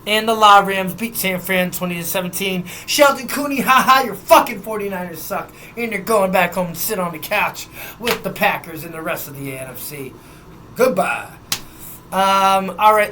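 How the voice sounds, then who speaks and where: A man's voice: sits high, sharp tone, slight background noise. A young man hosting a sports podcast, running through scores and news in a loose, chatty way with some swearing. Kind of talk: casual sports news rundown.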